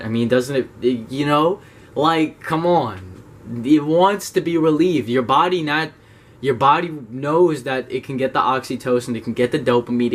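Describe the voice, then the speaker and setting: Young guy ranting to his viewers, swears a lot, casual and direct, average pitch. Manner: blunt, profane, animated, talks straight to viewers. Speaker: self-help YouTuber. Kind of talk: casual talk to camera.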